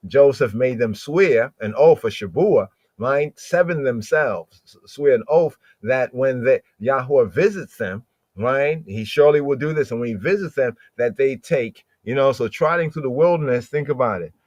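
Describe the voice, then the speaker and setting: A man talks through scripture like a casual podcast host, circling back and repeating key words to stress them. His voice sits at a middling pitch, and it is recorded dry and close, with almost no room sound. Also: lively intonation, normal speed, a little mellow, no room sound. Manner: conversational, repeats Hebrew words for emphasis, many fillers. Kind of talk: casual Bible teaching talk.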